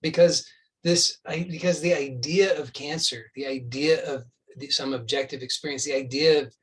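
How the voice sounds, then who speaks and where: A man's voice: mid-range voice, steady tone, moderate pace, far from the mic, poor audio. Earnest man teaching, set back from the mic. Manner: earnest, insistent, with many restarts and acted-out dialogue. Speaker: spiritual teacher. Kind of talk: spiritual talk.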